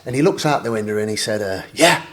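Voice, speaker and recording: A man, a podcast guest, telling a wild story in an animated way, laughing and swearing freely. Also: on the low side, very fast. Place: podcast studio.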